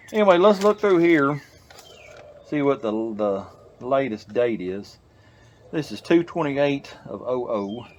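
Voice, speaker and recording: Chatting casually beside an old truck on a farm, the older host of a garage channel speaks in a drawl, out of breath as he works. He chuckles and makes fun of himself in a medium-pitched voice, with a little hiss or hum in the audio.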